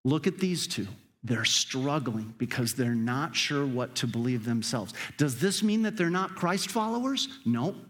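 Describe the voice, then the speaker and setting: A man's voice: mid-range voice, animated, a little slow. A man preaching a sermon as a pastor, talking straight to the congregation and building to urgent emphatic peaks before dropping back down. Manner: conversational, speaks directly to the congregation.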